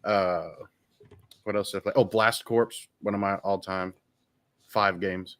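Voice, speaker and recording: A man's voice: lowish voice, steady tone, a little slow, fairly bright tone. A man guesting as co-host, rambling and self-deprecating as he gripes about games. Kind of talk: casual podcast chat.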